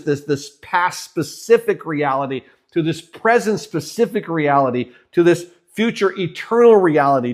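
A man preaching a sermon, asking the listeners rhetorical questions and repeating words as he builds, swinging between loud emphasis and hushed lows. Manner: repeats words and stammers restarts.

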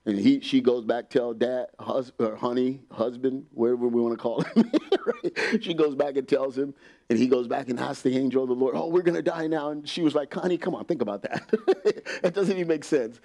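A man preaching a sermon in a church, animated and laughing often, acting out quotes and dropping to a whisper at times. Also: mid-range voice, brisk.

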